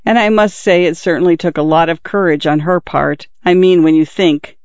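A man's voice: a little high, fairly even intonation, normal speed, darkish tone, clean tone, dry recording, natural voice. A man voicing a flustered, earnest young man who has just become engaged, speaking in an embarrassed rush. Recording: dull dry recording.

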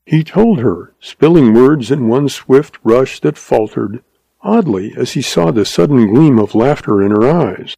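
A man narrating a western story in a measured, unhurried audiobook reading. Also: mid-range voice, expressive, vocal fry, mellow, slightly rough, no echo.

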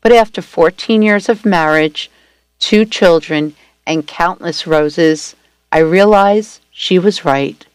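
A woman reading a first-person story aloud at a steady, gentle storytelling pace. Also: fairly low pitch, slow pace, clear, resonant tone, no room sound. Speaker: story reader.

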